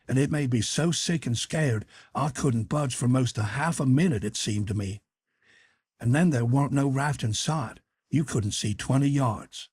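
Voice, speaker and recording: A man narrating an audiobook in the first person, steady storytelling in old-fashioned dialect. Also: mid-range voice, breathy edge, dry recording, studio quality.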